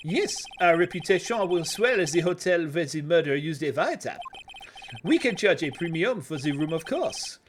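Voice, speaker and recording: An English man voicing a smarmy hotel bellboy with a put-on French accent, speaking slowly and too politely. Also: a little high, very animated, a little hiss or hum. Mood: unctuous. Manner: slow, unctuous, overly polite.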